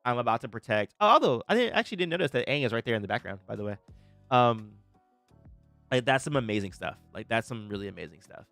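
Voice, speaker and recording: Excitable young man, dry close sound. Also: medium pitch, quick pace, vocal fry, no echo, soft background music. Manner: excitable, stammering restarts, laughs often. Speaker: livestream host reacting to a trailer. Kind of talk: excited live reaction and chat shout-outs.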